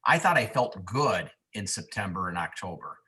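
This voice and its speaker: A man's voice: sits low, sing-song, normal speed, sharp tone. A man on a video call telling his story in a candid, self-mocking way. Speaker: guest on a business video call. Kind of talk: casual testimonial chat.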